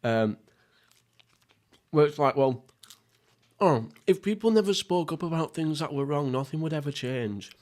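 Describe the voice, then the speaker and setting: A man's voice: fairly high pitch, expressive, a little slow, pauses often, a little mellow. A young man hosting a casual mukbang podcast, rambling and swearing, often laughing at himself. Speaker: podcast host. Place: at home, seated.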